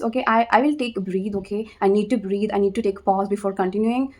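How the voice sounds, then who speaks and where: A young woman with an Indian accent, a native Hindi speaker, giving casual advice in a vlog. She talks conversationally, repeats her words, pauses to think and keeps tagging her sentences with "okay?". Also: medium pitch, steady tone, fairly bright tone. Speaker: vlogger.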